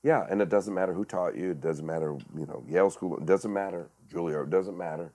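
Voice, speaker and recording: A man's voice: low voice, fairly quick, dark tone. A man, a director and actor, talking earnestly in a casual podcast chat, with frequent restarts and fillers. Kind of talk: casual conversation.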